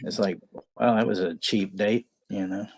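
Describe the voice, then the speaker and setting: A man's voice: fairly low pitch, steady tone, normal speed, a little mellow, slightly rough, no echo. A man co-hosting a movie watch party, swearing freely, laughing often and telling rambling anecdotes. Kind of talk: casual chat.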